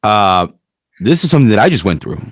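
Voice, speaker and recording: A man's voice: lowish voice, very animated, a little fast, no echo, clean studio sound. A man hosting a podcast, talking candidly in a rambling, casual way and swearing freely. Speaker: podcast host.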